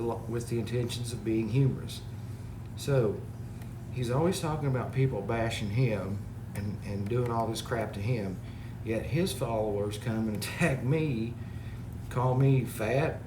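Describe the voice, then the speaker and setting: Man, casual rant, reads comments aloud, roomy echo, noisy background. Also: mid-range voice. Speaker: parody video maker. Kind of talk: casual complaint to camera. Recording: echoey room with background noise.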